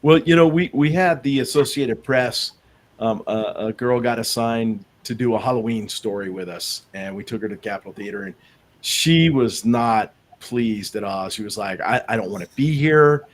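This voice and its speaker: A man's voice: lowish voice, normal speed. A man who investigates the paranormal, telling rambling anecdotes in a casual podcast chat, with many restarts. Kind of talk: casual storytelling in a podcast interview.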